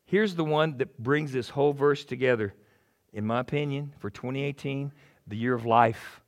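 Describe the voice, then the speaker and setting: A middle-aged male pastor preaching a sermon in an animated, joking way, acting out little voices. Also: mid-range voice, normal speed. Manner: animated, jokey, acts out voices.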